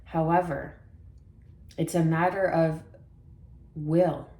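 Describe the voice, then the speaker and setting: Woman tarot reader from Canada, low mellow voice, rambling soft delivery, echoey room. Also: steady tone, slow pace. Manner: soft, meandering, with many fillers and affirmations. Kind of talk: spiritual tarot reading.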